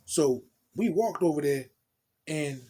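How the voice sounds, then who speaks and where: A young man from New Jersey casually telling a profane, animated storytime tale in street slang, acting out what people said. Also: a little high, slow pace, husky.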